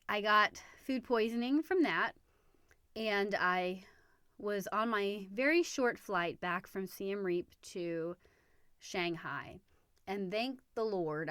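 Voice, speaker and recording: A woman hosting a podcast, telling travel stories in a chatty, animated way with many fillers and restarts. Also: medium pitch, no echo, clean studio sound. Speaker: podcast host. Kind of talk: casual storytelling.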